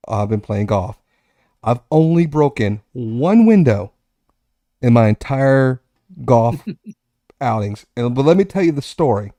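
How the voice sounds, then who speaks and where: A man in his forties hosts a relaxed chat show and spins a meandering personal story, stopping to restart and correct himself as he goes. His voice is mellow and dark, and the recording is close and dry, with little sound from the room. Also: mid-range voice, no echo. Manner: rambling, self-correcting anecdotes with animated asides. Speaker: podcast host.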